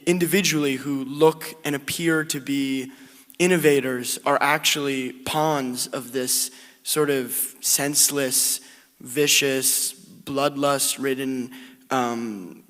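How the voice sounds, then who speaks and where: A man's voice: mid-range voice, fairly bright tone, long reverb tail. A man answering at a film Q&A, earnest and searching for words, with many restarts. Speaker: actor at film Q&A. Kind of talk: panel Q&A answer.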